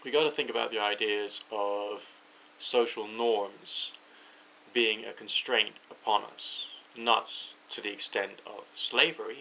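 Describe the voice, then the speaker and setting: Thinking aloud for his camera in the late hours, a British man drifts along in an overtired ramble and keeps correcting himself. The voice is fairly low, creaky, pushed and bright, captured in a low-quality recording with some faint background noise.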